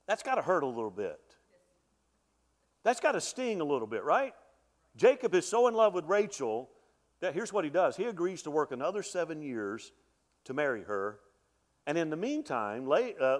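A middle-aged pastor preaches a sermon with animated delivery that swells and then drops to a hush, frequently repeating words as he restarts. His voice sits high, and he keeps a moderate pace.

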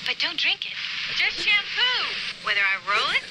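A woman delivering an upbeat pitch in a vintage TV ad. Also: sing-song, normal speed. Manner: bubbly, upbeat sales pitch. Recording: noisy old ad clip.

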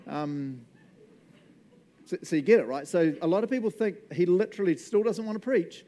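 A man giving a casual, animated sermon, laughing often and acting out voices. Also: sits high, moderate pace. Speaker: preacher.

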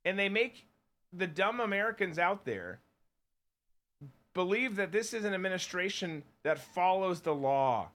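A man's voice: sits high, expressive, a little slow, a bit bright. A man co-hosting a podcast, ranting bluntly and sarcastically in political commentary. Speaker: podcast co-host.

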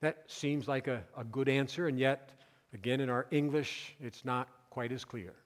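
A male pastor preaching a sermon, swinging between loud emphatic declarations and quiet asides. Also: mid-range voice, normal speed, in a large hall.

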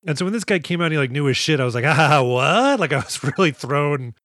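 A man co-hosting a podcast in casual chat, animated and profane, acting out characters as he retells scenes. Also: fairly high pitch, very fast, no echo, studio quality. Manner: animated, swears a lot, acts out characters in quoted lines. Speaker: podcast co-host.

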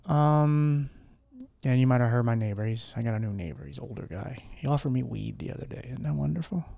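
A worn-down man talks to his podcast listeners from home, rambling candidly with plenty of fillers and restarts. His voice has a gravelly fry, and the room sounds dry and close. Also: mid-range voice, fast talker, mellow, dry recording. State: low-spirited and worn down. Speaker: podcast host. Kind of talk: candid solo podcast chat.

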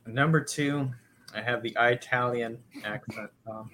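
A man's voice: medium pitch, fairly even intonation, unhurried, a bit bright, slight background noise. A man co-hosting a podcast, joking in casual comedic chat and laughing along. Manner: joking, hesitant with fillers, laughs. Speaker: podcast co-host.

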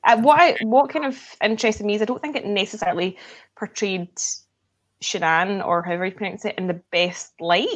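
A woman's voice: mid-range voice, brisk. Chatty, blunt woman host. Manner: chatty, blunt, swears casually. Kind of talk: casual chat.

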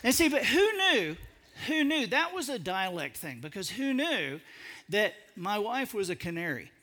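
High, bright, animated male storyteller. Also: a little slow. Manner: animated and self-mocking, stammering restarts, colloquial. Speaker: public speaker. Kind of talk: humorous storytelling talk to an audience.

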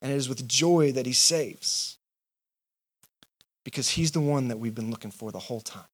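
A man's voice: medium pitch, normal speed. A male pastor giving a sermon, with impassioned, repetitive rhetorical preaching.

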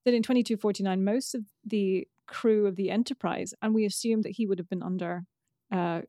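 A woman co-hosting a podcast, chatting casually with fillers and quick asides. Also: medium pitch, steady tone, dark tone, dry recording, studio quality. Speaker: podcast co-host. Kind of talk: casual chat about a TV episode.

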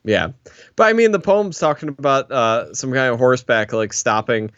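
A man's voice: mid-range voice, expressive, moderate pace, fairly bright tone, dry recording, muffled recording. A man cohosting a movie podcast, enthusiastic and stammering through restarts as he talks. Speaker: podcast co-host. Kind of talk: casual movie discussion.

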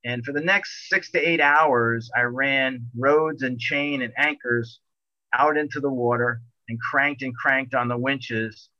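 A middle-aged man telling a long boating story in a rambling, animated way, full of restarts. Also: mid-range voice, measured pace, no room sound, lo-fi sound. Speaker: guest telling a sailing story. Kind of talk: casual storytelling.

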